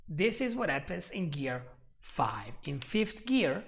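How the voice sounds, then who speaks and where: Male English teacher, a gravelly edge and an easy, drawn-out pace, running a live lesson. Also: on the high side, very animated, a bit bright. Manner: repeats himself for emphasis, frequent "right?". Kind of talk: live online lesson with chat questions.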